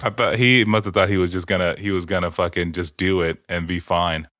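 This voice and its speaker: A man's voice: sits low, steady tone, a little fast, fairly bright tone, no echo, clean studio sound. A man hosting a casual podcast, joking around, laughing often and swearing freely. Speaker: podcast host.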